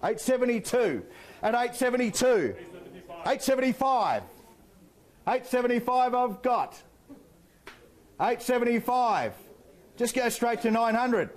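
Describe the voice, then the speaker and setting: High-pitched Australian auctioneer man. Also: big pitch swings. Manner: rapid rhythmic bid calling with playful banter. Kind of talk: live property auction calling.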